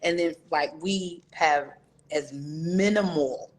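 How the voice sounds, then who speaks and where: Lively woman guest telling her story. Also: deep voice, takes it slowly. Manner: animated storyteller, acts out quoted voices. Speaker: guest author. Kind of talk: candid interview talk.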